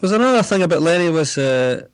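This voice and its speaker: Male panelist, quick and higher-pitched, rambling chat. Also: lively intonation, no room sound. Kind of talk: casual football chat.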